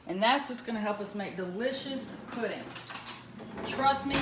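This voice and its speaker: A woman talks through a recipe in her home kitchen, chatty and rambling, full of fillers and side remarks. Her voice sits at a middle pitch. The room is echoey, she stands away from the mic, and background noise runs loud. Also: normal speed, far from the mic. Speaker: home cook demonstrating a recipe. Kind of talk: casual cooking demo. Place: home kitchen with running water.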